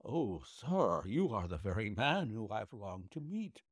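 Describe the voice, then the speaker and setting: A cringing little clerk whose voice rises into a thin, quavering whine, as a man reads him in a storybook. His pitch leaps about wildly. The sound is dry and close. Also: sing-song, unhurried, slightly rough, no echo, full character voice. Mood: eager. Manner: quavering, high and pleading. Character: whining frightened little male clerk.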